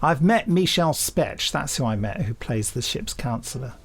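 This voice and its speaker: Gravelly English male podcast host, gushing, chatty, faint music under. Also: medium pitch, sing-song, fairly quick. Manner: enthusiastic, gushing, laughs often. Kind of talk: casual chat.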